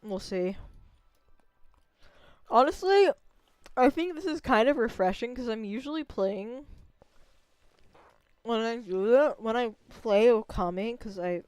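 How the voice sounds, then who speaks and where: A young woman talks casually over her gameplay, rambling and amused at herself. Her voice is high and very clear. The sound is close and dry, with no room to it. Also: lively intonation, measured pace, long pauses, a little mellow, no echo. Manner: chatty, rambling, self-amused. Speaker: game streamer.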